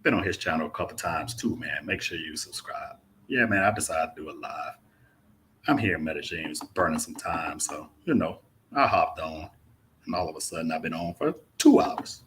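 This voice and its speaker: A very deep-voiced young man from Mississippi talks in a relaxed, drawling Southern way, reading out viewer comments on a livestream and peppering his talk with "man." His voice comes across bright and forceful. Faint background noise sits behind him. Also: normal speed. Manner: laid-back, drawling, says "man" often. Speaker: travel vlogger hosting a live Q&A. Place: indoors in a rented apartment.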